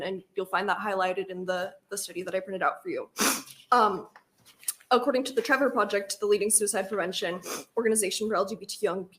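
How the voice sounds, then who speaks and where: A woman's voice: mid-range voice, a bit bright, slight background noise. A young woman delivering prepared testimony at a hearing, earnest and firm as she cites studies. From Nebraska. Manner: earnest, firm, reading citations.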